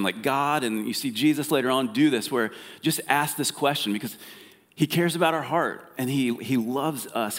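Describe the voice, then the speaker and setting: A male pastor giving a casual sermon and talking as if chatting with the congregation, often restarting his sentences. His voice sits at an ordinary middle pitch. The sound rings with the long reverb of a church hall. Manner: conversational, frequent fillers and restarts.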